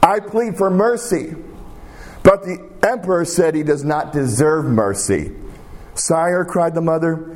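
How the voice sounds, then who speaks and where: Man preaching, slightly high voice, slow deliberate pace, emphatic repeated phrases, sermon delivery. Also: animated. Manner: emphatic, repeats phrases for weight, slows to a hush on prayers.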